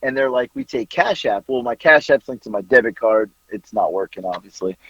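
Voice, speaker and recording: A middle-aged man co-hosting a podcast, telling stories in casual chat, acting out arguments and swearing freely, with a husky voice. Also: on the low side, brisk, dull audio. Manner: animated, acts out quoted arguments loudly, swears freely. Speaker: podcast co-host.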